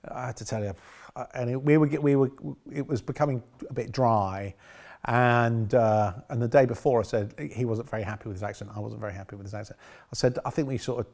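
A man's voice: mid-range voice, fairly even intonation, brisk, darkish tone. A middle-aged man, a film director, looking back on making a film in a rambling, self-correcting way. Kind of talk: reminiscing interview.

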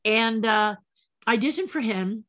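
A woman puppeteer being interviewed, telling a story in a lively way and acting out the voices of people she quotes. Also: a little high, a little slow. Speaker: puppeteer guest. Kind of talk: anecdotal storytelling.

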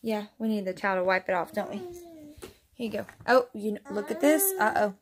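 A woman's voice: mid-range voice, fairly even intonation, fairly quick, slight background noise. A young woman chatting casually in a family vlog, upbeat and sing-song when she talks to her kids. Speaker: family vlogger and mother.

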